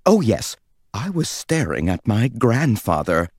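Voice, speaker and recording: A man narrating a children's storybook in the first person, with an expressive, sing-song delivery. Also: fairly low pitch, measured pace, breathy edge, no echo, clean studio sound. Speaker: audiobook narrator.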